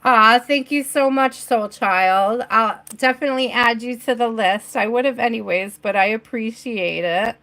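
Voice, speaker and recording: A woman doing a live-stream tarot reading, chatty and affectionate with her viewers and giving gentle spiritual advice. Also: on the high side, normal speed, hardly any pauses, poor audio. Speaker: tarot reader.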